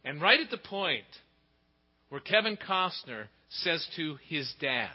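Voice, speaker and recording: A middle-aged man preaching a sermon, telling stories with big swings in pitch and loudness. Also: unhurried, husky. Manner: expressive storytelling, pitch and volume swing widely. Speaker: pastor. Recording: dull sound with long hall reverb.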